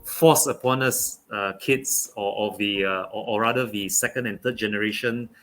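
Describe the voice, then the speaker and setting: A young man from Malaysia, talking football as a guest on a casual online show, pausing often with fillers and restarts. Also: lowish voice, fairly even intonation, fairly bright tone, soft background music. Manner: halting, many fillers and restarts. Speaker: guest pundit.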